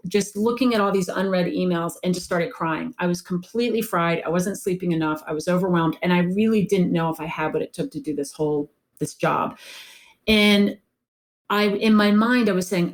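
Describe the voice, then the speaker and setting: Earnest woman coach telling stories. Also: lowish voice. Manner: earnest, storytelling, repeats phrases for emphasis. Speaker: life coach guest. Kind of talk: conversational interview answers.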